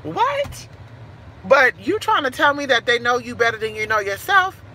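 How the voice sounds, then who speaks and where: Brash woman reader, bright voice, street-smart and profane, with faint noise behind. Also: on the high side, big pitch swings, brisk. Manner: sassy, profane, calls listeners honey and girl. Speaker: spiritual reader. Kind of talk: casual live-stream chat with viewers.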